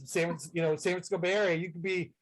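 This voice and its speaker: A man's voice: sits high, fairly even intonation, racing, poor audio. A man chatting casually as a guest on a video call, rambling and self-deprecating with upbeat energy. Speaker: guest entertainer.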